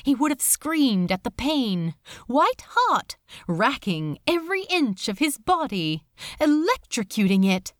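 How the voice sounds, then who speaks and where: A woman reading a fan fiction story aloud with expressive, dramatic narration. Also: a little high, no room sound, studio quality. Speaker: reader.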